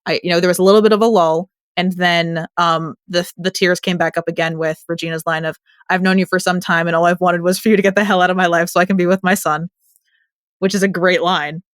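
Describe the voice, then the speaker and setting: Woman, late twenties, podcast co-host, casual chat, lowish voice, dry close mic. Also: fairly even intonation, fast, no room sound. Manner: chatty, emotional, laughs often.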